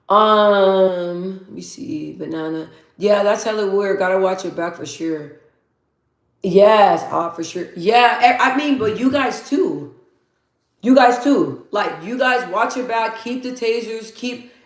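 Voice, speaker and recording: A woman in her thirties hosting a casual live chat. She tells stories, repeats her points for emphasis, and reads out viewer comments. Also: mid-range voice. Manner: chatty storytelling, repeats phrases for emphasis. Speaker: livestream host. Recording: roomy echo.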